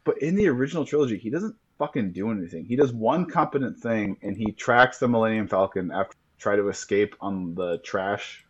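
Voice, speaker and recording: A man co-hosting a casual podcast chat, talking with animated excitement and frequent swearing. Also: on the low side, brisk, hardly any pauses, breathy edge, lo-fi sound. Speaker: podcast co-host.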